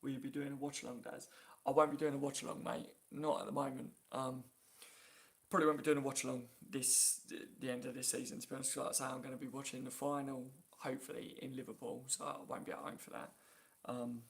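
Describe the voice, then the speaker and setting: A man chats casually on a live stream, reading out viewer comments and laughing freely. His voice sits mid-range with a gravelly edge, picked up by a phone. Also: medium pitch, level tone, fast talker. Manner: chatty, reads viewer comments aloud, laughs often. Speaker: YouTube live-stream host.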